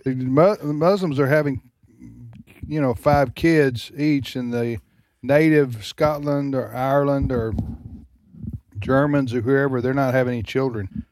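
A man's voice: medium pitch, steady tone, a little slow, a little mellow, slight background noise. A man hosting a talk radio show, quipping and asking skeptical questions in casual banter. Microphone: studio microphone.

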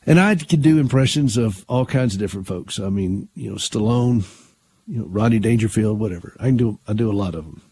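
A man's voice: fairly low pitch, a little fast, mellow, breathy edge, dry recording. An older man hosting a Christian talk radio show in an earnest, conversational way, often restarting his sentences.

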